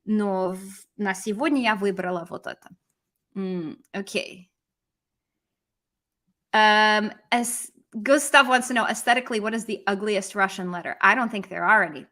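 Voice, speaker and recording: A woman teaching a language lesson on a live stream, lively and chatty, answering viewers as she explains. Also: medium pitch. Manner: lively, switches between English and Russian, chats with viewers.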